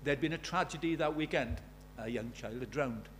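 An older man preaching an evangelistic sermon, impassioned, dropping to a hush and then rising loud. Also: mid-range voice, normal speed, a little hiss or hum. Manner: impassioned, swings from hushed to loud.

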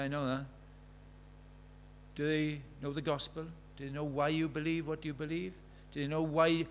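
A man's voice: a little high, a bit bright, a little hiss or hum. A man preaching a sermon, earnest and questioning, retelling conversations as dialogue.

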